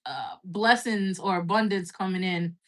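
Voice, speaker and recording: A woman's voice: on the low side, a little slow, a bit bright. A woman giving a casual live-stream tarot reading, blunt and chatty, swearing freely and filling her talk with "like". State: has the hiccups. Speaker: tarot reader.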